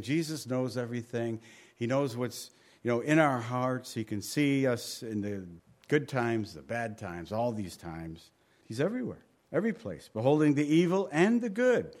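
A male pastor with a medium-pitched voice teaches through scripture in a conversational sermon. He repeats key phrases for emphasis and lets his voice drop quiet at the ends of phrases.

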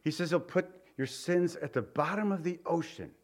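A man's voice: fairly high pitch, moderate pace. A man preaching an informal, conversational sermon in a folksy way, telling stories to a small group. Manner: folksy, conversational, tells anecdotes. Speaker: pastor.

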